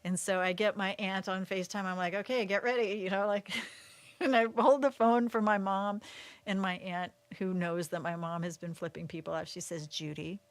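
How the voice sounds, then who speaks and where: A woman in an easy, chatty storytelling mode, often breaking into laughter between her phrases. Her voice sits at a middling pitch and sounds close and dry, with no room around it. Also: normal speed, no room sound. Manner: animated, laughs through the story. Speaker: livestream co-host. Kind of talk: casual storytelling chat.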